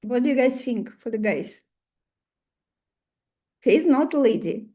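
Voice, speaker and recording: A woman with a Russian accent teaches a live online class, chatty and full of questions for her students. Her voice sits high but has a mellow, warm tone. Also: expressive, a little slow. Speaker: astrology teacher.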